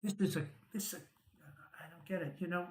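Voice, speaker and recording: This man's voice is high-pitched with fairly even intonation and a moderate pace as he hosts a stock market show, chatting his way through charts. He regularly checks in with "right?" and "okay?" and chuckles wryly, recorded in a roomy space at low quality.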